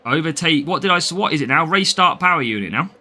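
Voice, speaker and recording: Chatty English streamer, slightly higher voice, reads chat and greets viewers. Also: male voice, animated, fast talker, pushed and bright. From England. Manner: chatty, greets viewers by name, laughs often. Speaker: game streamer. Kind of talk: live gameplay stream, reading chat.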